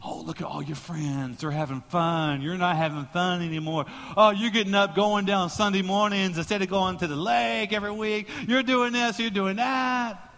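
A sneering, accusing devil , put on by a male preacher, drops his voice low and soft to mock his target. His taunts ring with a long reverb in a large hall. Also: fairly even intonation, moderate pace, creaky.

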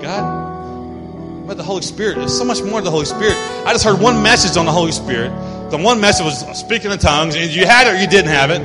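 A man preaching as a pastor, telling a story and acting out the voices of the people in it. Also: fairly high pitch. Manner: animated, acts out voices of people in his stories. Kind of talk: sermon with storytelling. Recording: long hall reverb with loud music behind. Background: musicians playing.

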